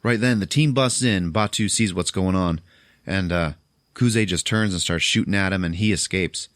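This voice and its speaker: A man's voice: low-pitched, moderate pace, fairly bright tone, no room sound, clean studio sound. A man hosting a podcast, casually recapping a movie in a loose, profane way. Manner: loose, profane, retelling with quoted voices. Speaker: podcast host.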